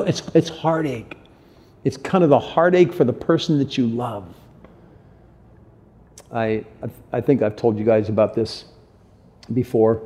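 Middle-aged male pastor, sermon, earnest and tender, mellow warm tone, restarts often. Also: mid-range voice.

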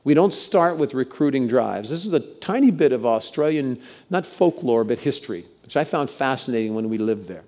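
A man's voice: mid-range voice, animated, normal speed, darkish tone. A middle-aged male pastor preaching a sermon to his congregation, telling stories and leading them in call-outs. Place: church sanctuary with congregation.

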